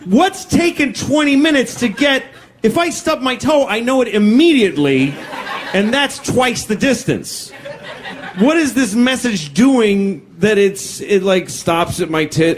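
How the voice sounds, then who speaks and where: A man's voice: high-pitched, expressive, measured pace, a little hiss or hum. A man in his forties performing a stand-up comedy set, blunt, crude and self-deprecating, telling stories to a live audience. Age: 40s. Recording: live stage recording with crowd laughter.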